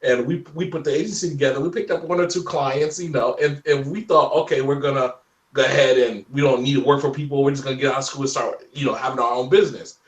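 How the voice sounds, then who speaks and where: A man in his forties telling stories in a casual interview chat, animated and laughing often. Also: mid-range voice, quick pace, reverberant, distant mic. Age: 40s. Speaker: guest.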